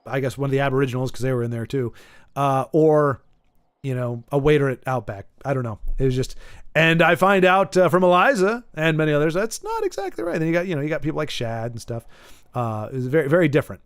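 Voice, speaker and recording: A man's voice: medium pitch, expressive, quick pace, clear, resonant tone, dry recording, studio quality. A man from Michigan streaming a game, chatting casually with viewers and stumbling over and repeating his words as he rambles. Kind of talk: casual gameplay chat, reading viewer messages.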